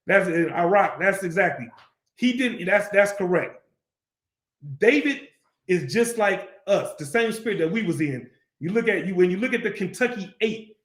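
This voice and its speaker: A man's voice: high voice, a bit bright, roomy sound. A man teaching a Bible class, keeps asking the class questions and acts out the story in street slang.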